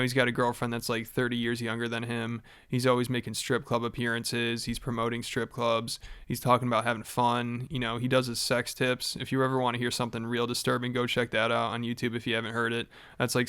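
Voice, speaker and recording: Smooth, flat-voiced male commentator. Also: medium pitch, fast talker, hardly any pauses. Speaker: commentary host. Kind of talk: casual commentary narration.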